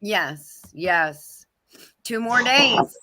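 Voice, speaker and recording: A woman's voice: medium pitch, animated, very slow, bright, forceful tone, slight background noise. A woman co-hosting a casual live chat, chatty and giggly, greeting viewers by name.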